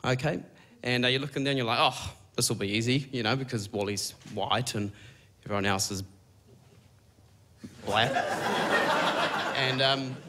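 A young man with a New Zealand accent doing a stand-up comedy set, deadpan and halting, with many fillers. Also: medium pitch. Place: comedy stage before a laughing audience. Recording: clear audience noise behind.

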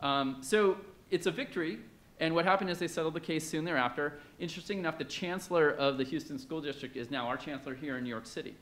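A man's voice: on the high side, fast talker, fairly bright tone, slight background noise. A man presenting at an academic conference in a conversational way, with many fillers and questions put to the audience.

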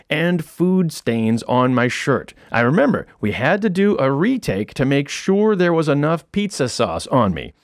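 A man's voice: mid-range voice, dry recording. A middle-aged man, an author and comedian, reads his own book as comedic audiobook narration, with a wry, dry storytelling manner and punchline timing, close to a studio mic. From United States. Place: recording studio.

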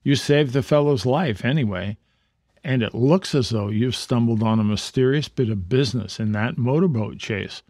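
A man reading the part of a genial middle-aged detective father, calm and measured. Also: mid-range voice, no room sound, studio quality, lightly acted.

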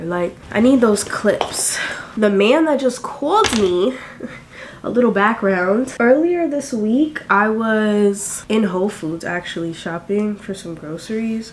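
A woman in her twenties chatting casually to camera while doing her makeup, animated and full of quick asides. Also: medium pitch, a little hiss or hum. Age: 20s. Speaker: vlogger.

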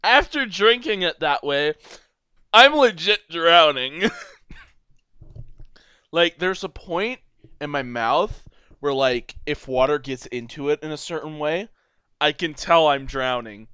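A young man giving goofy, rambling solo commentary over a video game, now and then breaking into loud silly shouting. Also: on the high side, animated, slow pace, pauses often, clear, resonant tone, dry recording, studio quality. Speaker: gameplay commentator. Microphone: desk microphone.

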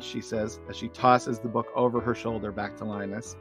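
Middle-aged male podcast host, animated reader of comic strips, medium pitch, faint music underneath. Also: normal speed, hardly any pauses. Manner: animated narration, frequent laughs. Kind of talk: reading comic strips aloud.

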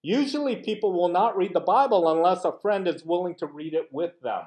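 A man's voice: high voice, a little fast, a little mellow. A man teaching a Bible study class as pastor, talking conversationally, asking rhetorical questions and acting out short exchanges. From United States. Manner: acts out short quoted exchanges.

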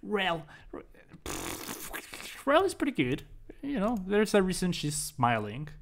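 A young man commentating his own gameplay live, joking and swearing excitably. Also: sits high, slow pace, gravelly, a little hiss or hum. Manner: excitable, swears often, jokey. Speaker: streamer.

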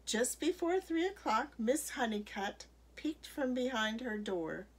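A woman reading a children's picture book aloud in an expressive way. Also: fairly high pitch, breathy edge. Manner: expressive, slow read-aloud. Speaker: storyteller.

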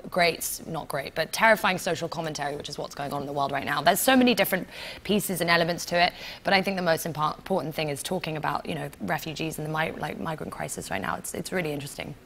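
A woman, a talk show guest telling animated stories in a television studio and laughing often. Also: low voice, quick pace, slight background noise. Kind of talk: casual chat.

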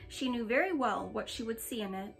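A woman reading a novel aloud in a gentle, even storytelling manner. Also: fairly high pitch, fairly quick, creaky, faint music behind. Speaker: storybook reader.

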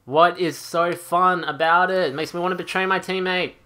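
A man's voice: high-pitched, fairly even intonation, moderate pace, bright, forceful tone. A man ranting angrily over gameplay, profane and exasperated, as a gaming channel host. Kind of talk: angry gameplay rant.

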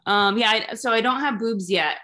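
A woman in her thirties doing a rambling, deadpan stand-up set over Zoom. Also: fairly high pitch, moderate pace. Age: 30s. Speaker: stand-up comedian.

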